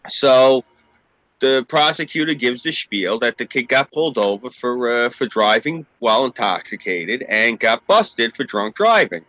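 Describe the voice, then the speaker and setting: A man's voice: mid-range voice, very animated, a little slow, pushed and bright, no room sound, low-quality recording. A man casually telling a story among friends, acting out the voices of the people in it and swearing freely. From New York State. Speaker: podcast co-host.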